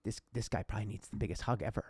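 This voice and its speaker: A man's voice: on the low side, steady tone, racing, a little mellow, breathy edge, no echo. A man hosting a casual podcast, telling a personal story in a heartfelt, emotional way. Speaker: podcast host.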